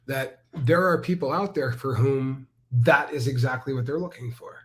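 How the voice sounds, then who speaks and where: A man's voice: medium pitch, moderate pace. A man co-hosting a casual livestream chat, telling stories emphatically and acting out what others said. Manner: animated storyteller, emphatic, mimics others. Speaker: co-host.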